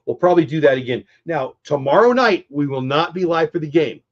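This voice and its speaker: A man's voice: a little high, animated, brisk, dull audio. A middle-aged man with a stuffed-up voice hosting a casual live stream, chatty and upbeat, talking straight to his viewers. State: stuffy, congested. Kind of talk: casual post-game live-stream chat.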